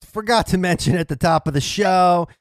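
A man in his thirties hosting a casual podcast, talking in an animated, profane way with mocking mini-impressions. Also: high-pitched, moderate pace, no room sound, studio quality. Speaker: podcast host.

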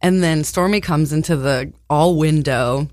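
A woman's voice: low-pitched, unhurried, a little mellow, dry recording, studio quality. A woman co-hosting a bawdy, casual chat show, talking in a crude, playful way and laughing often. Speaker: podcast co-host.

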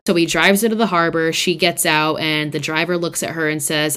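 A young woman with a low voice hosts a podcast, talking through a film's plot in a loose, casual way. She swears freely and peppers her speech with "like". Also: fairly quick, hardly any pauses, fairly bright tone. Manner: chatty, swears often, fillers like "like". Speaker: podcast host. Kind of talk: casual film recap.

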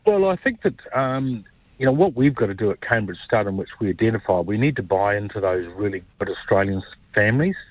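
A man from New Zealand, a stud owner guesting on a radio show, telling lively anecdotes. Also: on the low side, fairly quick, no echo. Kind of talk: radio interview by phone. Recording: muffled dull phone line.

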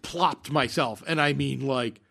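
A man's voice: mid-range voice, unhurried, creaky, a bit bright. A man telling a long theater story in casual podcast chat, rambling with many fillers and restarts. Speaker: podcast co-host.

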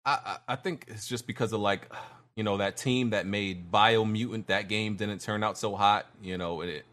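A man's voice: lowish voice, moderate pace, a bit bright. A man co-hosting a casual gaming podcast, talking in a laid-back way with lots of fillers. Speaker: podcast co-host.

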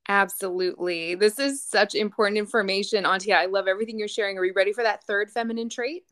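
A woman's voice: medium pitch, fairly even intonation, fast, a bit bright. A woman hosting a podcast, affirming her guest and asking follow-up questions in casual conversation. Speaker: podcast host.

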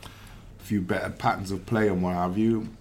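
Low-voiced man giving football opinions. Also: fairly even intonation, a little mellow, slight background noise. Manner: measured, reflective, hesitant fillers. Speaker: pundit, former footballer. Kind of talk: casual podcast chat.

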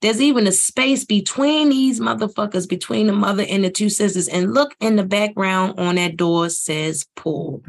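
A woman hosts a podcast, talking through reality-show clips in casual, profane commentary. She is blunt and opinionated. Her voice climbs higher and louder whenever she starts ranting. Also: normal speed, gravelly, few pauses. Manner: blunt, profane, rising loud and high when ranting.

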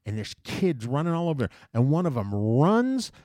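A man co-hosting a casual podcast, telling a long, animated story with plenty of swearing and restarts. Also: fairly high pitch, normal speed, dry recording. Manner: animated ranting anecdotes with profanity.

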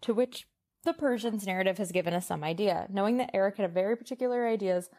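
A podcast co-host with a medium-pitched, dark voice reads novel excerpts aloud amid casual conversation. She jokes around, laughs often, and pauses on fillers.

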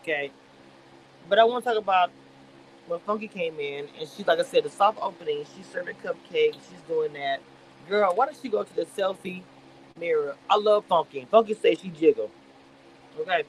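A man's voice: sits high, normal speed, a little hiss or hum, rough recording. A man casually recapping a reality show on a livestream, telling it animatedly with playful slang and acting out what people said. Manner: animated storytelling, dramatic voicing of quotes. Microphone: livestream webcam mic.

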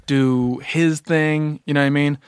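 A man's voice: on the high side, fairly even intonation, unhurried, smooth, no room sound, clean studio sound. A man in his thirties, a podcast guest, chatting casually in a laid-back, rambling way with plenty of swearing. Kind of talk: casual chat.

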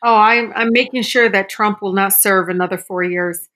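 A woman politician in a casual interview, telling lively stories and acting out the voices of people she met. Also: mid-range voice, normal speed. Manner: animated, acts out quoted dialogue, laughs often. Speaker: congresswoman and guest.

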